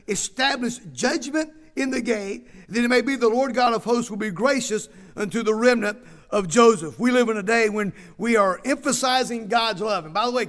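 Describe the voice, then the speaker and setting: A man's voice: extremely high pitch, fairly bright tone. A male pastor preaching a sermon, reading scripture aloud and stressing his points with emphatic repetition.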